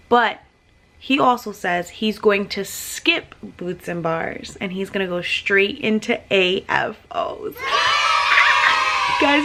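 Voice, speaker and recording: A young mother from New Jersey talks straight into her camera in a casual vlog. Her voice has a gravelly edge and sits at an ordinary pitch for a woman. She sounds emotional and excited as she speaks to her viewers. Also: poor audio. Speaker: vlogger mother.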